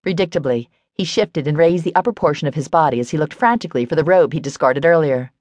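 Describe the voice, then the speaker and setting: Low-voiced woman reading a romance novel. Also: fast, darkish tone, dry recording, dull audio. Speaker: audiobook narrator. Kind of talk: scripted romance narration.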